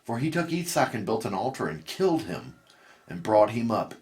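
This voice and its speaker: A man's voice: on the low side, sing-song, moderate pace, a little mellow, voice pushed up. A man reading as a deceiving spirit posing as an old man. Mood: deceitful.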